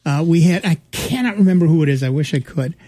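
A man's voice: on the high side, animated, fast, mellow. A middle-aged man chatting casually on a show, telling rambling stories with many restarts. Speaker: podcast co-host. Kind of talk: casual chat, storytelling.

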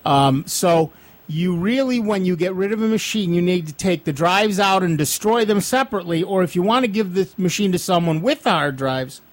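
A man's voice: high-pitched, lively intonation, moderate pace. A man hosting a casual radio tech call-in show, explaining at length with frequent ums and asides.

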